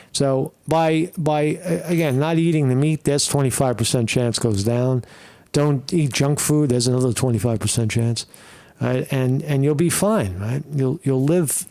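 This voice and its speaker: A man hosts a loose solo commentary show from home, talking in a rough, gravelly voice of middling pitch. He rambles, swears freely and restarts his sentences, often tagging them with a quick "right?". The recording is dry, with no room sound around him. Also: darkish tone, no room sound. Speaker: podcast host.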